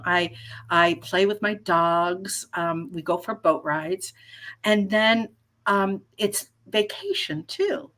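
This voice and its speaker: A woman in her fifties talks as an interview guest in a relaxed, chatty way. She is playful and lively and keeps restarting her sentences. Her pitch sits in a middle range for a woman. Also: takes it slowly, faint music behind. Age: 50s. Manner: lively, playful, restarts often, acts out little scenes. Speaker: guest, life coach. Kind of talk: casual interview chat.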